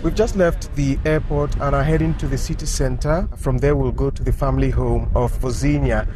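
A man reporting on location from a vehicle, eager and slightly halting. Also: medium pitch, music in the background. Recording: noisy field recording from a car.

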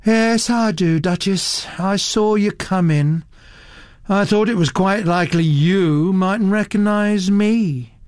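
A man's voice: sits high, measured pace, hardly any pauses, no echo, studio quality, pitched above the performer's own voice. A man voicing a young woman artist who drawls her words lazily and indifferently. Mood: languid. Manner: drawling and lazy.

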